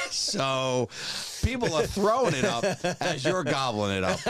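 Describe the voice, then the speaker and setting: A man hosting a comedy podcast, chatting casually and reacting quickly to his guest. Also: a little high, sing-song, fairly bright tone, dry recording. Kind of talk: casual chat.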